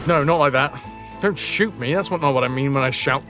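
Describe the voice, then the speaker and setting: A man's voice: on the high side, a little fast, fairly bright tone, faint music behind. A man chatting and joking as he streams a game, talking to his chat and to the game. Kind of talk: live gameplay commentary.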